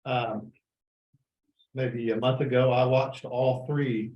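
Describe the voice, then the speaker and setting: A man's voice: medium pitch, flat delivery, slow, echoey room, muffled recording. A man in a church class discussion, talking with stammering restarts. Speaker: class member.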